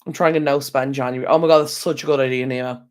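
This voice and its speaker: Speaking fast in a mid-range, steady voice, the host of a casual home live stream chats away to his audience. He has an Irish accent, sounds tired, yawns, and rambles into an external microphone.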